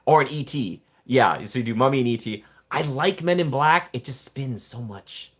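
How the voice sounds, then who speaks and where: A man's voice: mid-range voice, expressive, moderate pace, a bit bright. A man hosting a casual livestream, rambling and joking while he reads viewer chat. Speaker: livestream host.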